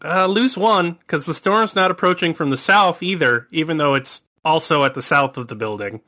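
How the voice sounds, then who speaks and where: A man's voice: on the high side, normal speed, sharp tone. A man narrating a tabletop horror game as game master, with rambling, hesitant descriptions.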